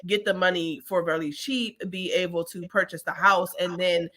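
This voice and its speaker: Chatty, bright-voiced woman co-host. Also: lowish voice, moderate pace. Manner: animated storyteller, chatty with many fillers. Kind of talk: casual money talk.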